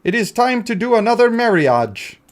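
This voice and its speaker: A man's voice: very high voice, very animated, moderate pace. A male game streamer in casual live-stream commentary, chatty and joking as he talks to himself and his chat.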